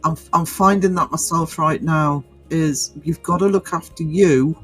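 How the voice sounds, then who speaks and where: A man's voice: on the high side, measured pace, fairly bright tone, husky, soft background music, rough recording. A man hosting a livestream, chatting casually through viewer comments with many fillers and restarts. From North East England. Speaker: livestream host.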